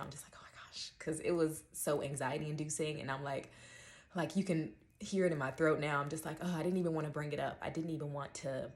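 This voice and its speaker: A young adult woman talking candidly and emotionally about her experiences, full of fillers and quoted self-talk. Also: deep voice. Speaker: channel host. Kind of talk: personal reflective monologue.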